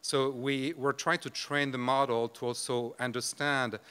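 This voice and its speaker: A man's voice: mid-range voice, little pitch movement, unhurried, sharp tone, clean tone. A man giving a conference presentation on a microphone in a large lecture room, hesitant and full of fillers and restarts. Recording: long hall reverb.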